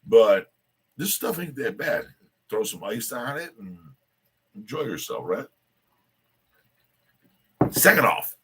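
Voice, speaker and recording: A man's voice: medium pitch, very animated, slow, pauses often, a bit bright, husky. A man hosting a casual live rant show, rambling loosely and boastfully while drinking. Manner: rambling, loose and boastful, keeps repeating a catchphrase.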